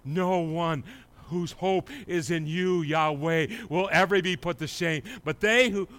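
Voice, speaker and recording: A man preaching a sermon as a pastor, moving between quiet prayer and loud, excited preaching. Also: on the high side, measured pace. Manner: swings from hushed prayer to shouted, excited preaching.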